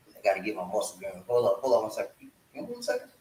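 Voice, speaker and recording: A man's voice: lowish voice, wildly swooping pitch, racing, few pauses, darkish tone, echoey room, low-quality recording. A man hosting a casual live stream, playful and talkative, hyping his viewers with slangy call-and-response chants. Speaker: livestream host. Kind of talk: casual livestream chat.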